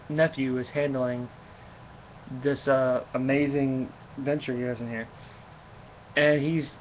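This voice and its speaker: Rambling man reviewing comics, lo-fi. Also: medium pitch. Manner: rambling, full of filler words and restarts. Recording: dull lo-fi recording with faint hiss.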